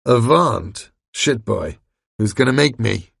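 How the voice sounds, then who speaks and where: A man's voice: mid-range voice, expressive, slow pace, vocal fry, a bit bright, husky, no room sound, studio quality, full character voice. A man voicing a brutish, crude male fish-monster who spits out threats in a storybook reading. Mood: taunting.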